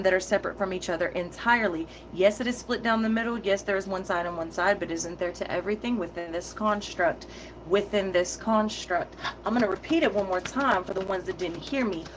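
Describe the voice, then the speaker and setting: Woman tarot reader, mid-pitched, firm and heated, repeats herself for emphasis, talks straight at the viewer. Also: background noise. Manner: heated, intense delivery; casual, direct address to viewers. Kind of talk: spoken tarot reading.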